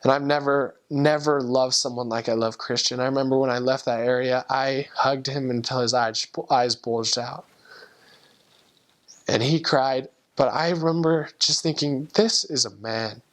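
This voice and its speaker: A man's voice: medium pitch, steady tone, moderate pace. A young man, a returned missionary, earnestly telling a personal story with heartfelt emotion and frequent restarts.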